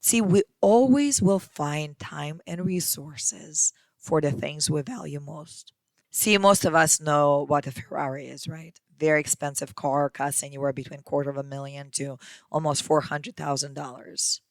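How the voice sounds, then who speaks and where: Gravelly-voiced woman podcast host. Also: low voice, unhurried, no echo. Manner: emphatic, addresses listener as friend. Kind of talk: motivational podcast monologue.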